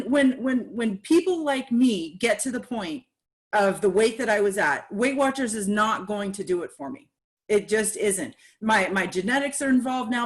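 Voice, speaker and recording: Candid, animated woman in casual chat. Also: on the high side. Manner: candid and animated, acts out quoted reactions. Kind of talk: casual podcast conversation.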